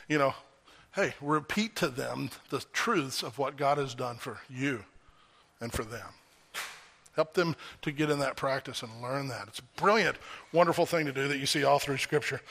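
At a church service, a male pastor with a voice on the high side preaches a sermon, animated and emphatic, tossing rhetorical questions out to the congregation.

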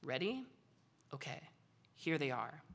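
A woman puts on an older man playing a psychologist in a comedy sketch, with a blunt, deliberate manner. The voice sounds bright and fairly low. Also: big pitch swings, heavily acted.

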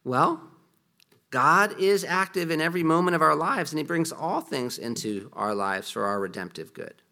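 Male pastor, bright, slightly high voice, conversational sermon delivery with rhetorical questions. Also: animated, moderate pace, vocal fry.

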